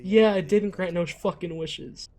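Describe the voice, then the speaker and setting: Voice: medium pitch, measured pace, darkish tone. A young adult hosting an anime reaction video, gasping, exclaiming and swearing at the screen. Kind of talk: emotional reaction commentary.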